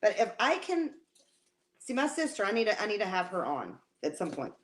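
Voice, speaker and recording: A woman's voice: mid-range voice, huge pitch swings, a little fast, slight background noise. Emotional, rambling woman co-host. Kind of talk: casual live-stream chat.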